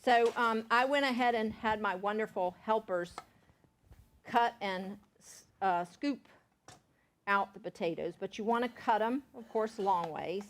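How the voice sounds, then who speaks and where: This middle-aged woman from Savannah, Georgia, has a Southern accent and a mid-range voice that moves a little slowly. Teaching a cooking class, she demonstrates recipes with chatty, folksy talk, often pausing to ask "okay?"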